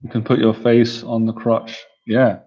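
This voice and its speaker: A man's voice: mid-range voice, completely flat delivery, a little slow, warm tone, breathy edge, dull audio. A man hosting a casual livestream, reading viewer comments and cracking up with laughter, sounding tired. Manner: giggly, keeps cracking up laughing. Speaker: livestream host and coach.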